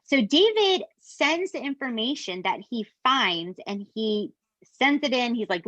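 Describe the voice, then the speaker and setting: A woman, co-hosting a podcast and retelling a true crime story in an animated, casual way that includes swearing. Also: fairly high pitch, a little slow, no echo. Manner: animated, swears, addresses listeners as "you guys". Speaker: podcast co-host.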